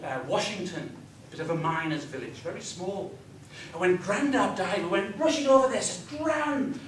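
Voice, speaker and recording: A man's voice: high voice, a bit bright, slight background noise. A man with a northeast English accent giving a humorous business talk to a live audience, telling stories and quizzing the crowd. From northeast England. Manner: joking, storytelling, quizzes the crowd. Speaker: motivational business speaker. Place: large hall with a live audience. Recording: roomy hall recording from a distance.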